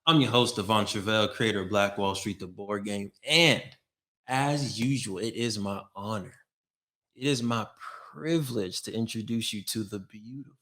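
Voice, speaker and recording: A man's voice: lowish voice, moderate pace, sharp tone. Hyped-up male podcast host. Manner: hyped, playful introductions. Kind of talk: casual podcast chat.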